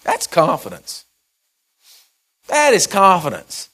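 This sermon comes from a man with a high, sing-song voice speaking at normal speed. He tells it in a folksy way, playing the characters, repeating phrases, and swinging from loud to soft.

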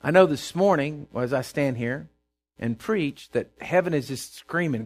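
Man, pastor, sermon, folksy, calls to the congregation, loud then hushed, fairly high voice. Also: unhurried. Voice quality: swings from loud declaring to low confiding.

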